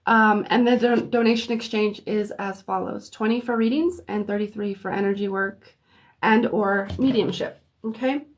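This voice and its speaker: A woman hosting a livestream of free readings in a relaxed, unhurried way, often pausing on "um" as she chats with viewers. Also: medium pitch. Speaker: host and psychic reader. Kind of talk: casual livestream chat.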